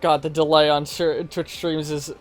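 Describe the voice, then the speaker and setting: A man's voice: a little high, level tone, normal speed, faint music behind. Rambling male game streamer. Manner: rambling, informal, swears. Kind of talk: casual live-stream game commentary.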